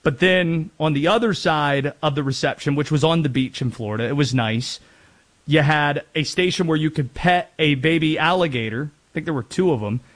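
A man's voice: a little high, moderate pace. A man from North Carolina hosting a sports talk show, chatting and rambling with self-deprecating asides. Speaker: sports radio host.

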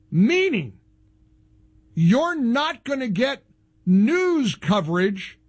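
A man hosting a talk radio show, delivering an opinionated monologue in a sarcastic, mocking tone. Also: very high-pitched. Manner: animated, exclamatory.

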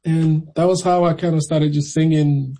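A man recounts his past in loose, casual storytelling, slipping into lively impressions of the people he met. His voice sits fairly high for a man, yet it is dark and gravelly, with a husky edge. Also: moderate pace, rough recording. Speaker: interviewee.

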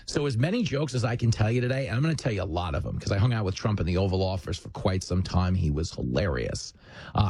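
A man's voice: fairly low pitch, vocal fry, a little mellow, slightly rough, no room sound. A male host delivering a punchy, combative political commentary monologue with jokes, on a studio mic.

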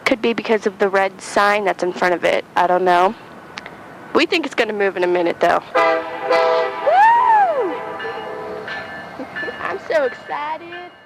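A woman's voice: medium pitch, brisk. A young woman chatting casually outdoors by railroad tracks, rambling and giggly. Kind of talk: casual vlog. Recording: outdoor field recording with train noise.

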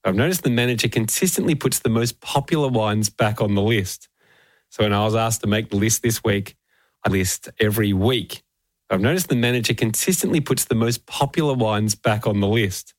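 A man co-hosting a casual comedy podcast, playful and quick to laugh, reading out listener messages. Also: lowish voice, dry recording. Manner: playful, laughs often, voice swings up and down. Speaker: podcast co-host. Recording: dry close-mic studio sound.

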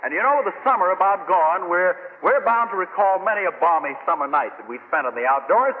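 A man's voice: sits high, expressive, brisk. A man hosting a 1940s radio quiz show in a studio before an audience, jovial and chatty with the contestants. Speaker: quiz show master of ceremonies. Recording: tinny old radio broadcast with long hall echo.

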